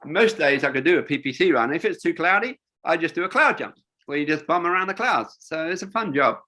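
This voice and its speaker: A man's voice: on the high side, animated, fairly quick, pushed and bright. An older man, a wingsuit designer, telling rambling stories in a casual interview, with lots of fillers and restarts.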